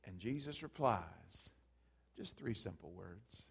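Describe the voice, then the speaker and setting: A man preaching a sermon, building from hushed passages to loud, emphatic peaks. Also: medium pitch, big pitch swings, measured pace.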